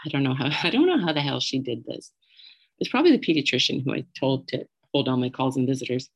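A woman's voice: a bass voice, animated, fast talker, breathy edge. A middle-aged woman telling a candid, emotional personal story and swearing freely as she goes.

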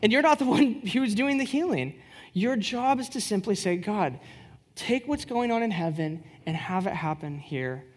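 A woman giving a casual teaching talk at church, conversational with rhetorical questions and lively storytelling. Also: mid-range voice, moderate pace, slightly rough. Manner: lively storyteller who acts out quoted dialogue.

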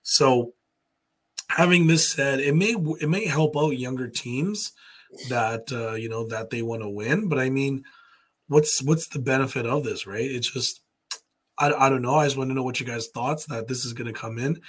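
A man's voice: mid-range voice, moderate pace, slightly rough. A man co-hosting a podcast, chatting loosely about sports and putting questions to the others. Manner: loose, rambling, asks the panel questions. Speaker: podcast co-host. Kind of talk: casual sports chat.

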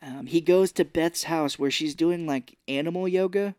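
A man's voice: on the high side, moderate pace, a little mellow, smooth, no room sound, studio quality. A man co-hosting a podcast, casually recapping a film's scenes and acting out the characters' lines. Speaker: podcast co-host. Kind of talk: casual movie recap chat.

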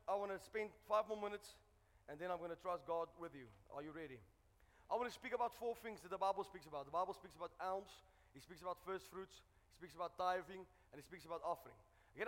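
A man's voice: high voice, fairly bright tone. A South African man preaching a fervent, humorous sermon as pastor in a church building. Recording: long church hall reverb.

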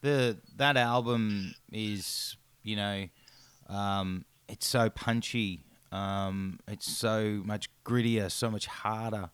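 A man's voice: on the low side, steady tone, takes it slowly, fairly bright tone, clear, resonant tone, no room sound. A man hosting a podcast interview, asking long, run-on questions with many ums. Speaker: podcast host. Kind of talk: casual interview.

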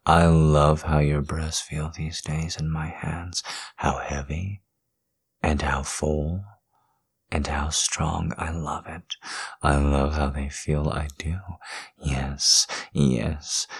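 A man in a whispered role-play, speaking in a slow, intimate, coaxing murmur that moves between whispers and a low voice. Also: steady tone, creaky, slightly rough. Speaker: audio role-play performer.

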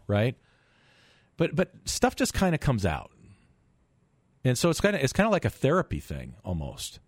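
A middle-aged man with a low voice delivers a call-in radio monologue on finance from a studio, recorded without echo. He speaks emphatically, asking rhetorical questions and tripping over repeated words.

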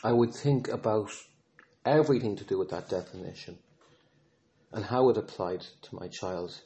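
Earnest low-voiced man, halting delivery. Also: mellow. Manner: earnest, halting, with frequent restarts and fillers. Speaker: podcast host, father of an autistic son. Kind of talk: reflective personal podcast monologue.

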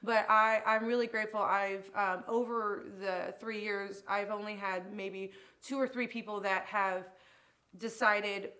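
A woman's voice: medium pitch, steady tone, unhurried, bright, forceful tone. Emotional, rambling woman salon owner. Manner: emotional, rambling, many restarts. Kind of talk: casual interview chat.

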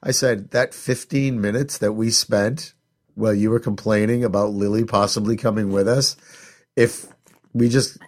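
A man's voice: fairly low pitch, steady tone, normal speed. A middle-aged man casually telling a long family story to a co-host, with rambling asides and bursts of laughter.

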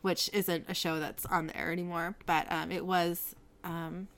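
A woman's voice: on the low side, level tone, normal speed. A woman co-hosting a podcast, chatting casually and retelling an episode scene by scene, quoting the dialogue plainly. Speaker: podcast co-host. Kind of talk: casual chat and episode recap.

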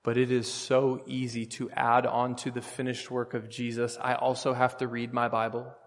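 A pastor preaching a sermon, earnest and storytelling, with emphatic bursts. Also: male voice, mid-range voice, completely flat delivery, normal speed, big-room sound.

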